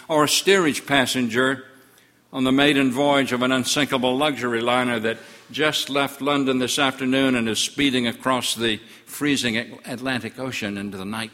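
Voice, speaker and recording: A man's voice: mid-range voice, sharp tone, long reverb tail. An older male pastor preaching a reflective, reminiscing sermon in a church.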